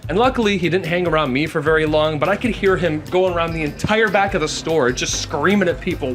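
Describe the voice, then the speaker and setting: Animated man telling a rambling story. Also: sits high, fast talker, few pauses. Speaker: comedic storyteller. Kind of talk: casual comedic storytelling. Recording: music bed underneath.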